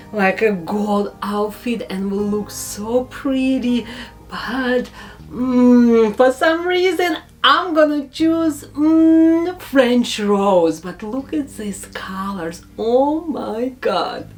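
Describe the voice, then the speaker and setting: A woman narrating a makeup tutorial as a beauty vlogger, speaking slow, careful English with non-native phrasing. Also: fairly high pitch, faint music behind.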